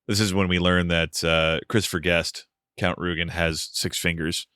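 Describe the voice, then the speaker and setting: Man, podcast co-host, wry movie recap, crisp dry sound. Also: low-pitched, flat delivery, normal speed, pushed and bright, dry recording. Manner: wry, joking recap of the plot. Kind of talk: casual film discussion.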